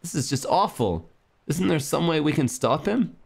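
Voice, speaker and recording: A man's voice: on the high side, animated, normal speed, vocal fry, husky. A young man commenting casually on a video game as a streamer, joking and reading the game's dialogue aloud.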